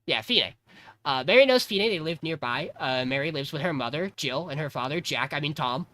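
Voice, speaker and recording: A man's voice: fairly high pitch, fairly quick. A man co-hosting a casual podcast, recapping an anime episode with laughs and acted-out lines from the characters. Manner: animated storyteller who acts out characters' lines; laughs often. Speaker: podcast co-host.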